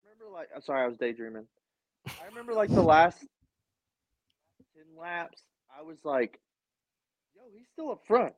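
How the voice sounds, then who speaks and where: A man co-hosting a podcast in casual chat, telling a race finish with excited, profane storytelling over AirPods on a line that keeps cutting out. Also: a little high, moderate pace, pauses often, no room sound. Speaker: podcast co-host. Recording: dull, lo-fi remote line that cuts out.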